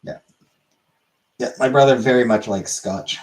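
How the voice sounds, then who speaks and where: A man hosting a livestream, chatting casually and reading out chat messages in a laid-back, halting way that repeats itself. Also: mid-range voice, a little mellow. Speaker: livestream host. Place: small room lit by many studio lights.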